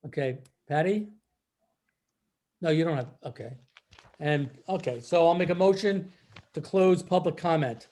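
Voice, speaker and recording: A man chairing a public meeting over a video call, his voice sitting a little high. He talks in a relaxed way, with plenty of "um" and "uh" between motions. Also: a little slow, pauses often. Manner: relaxed, many fillers.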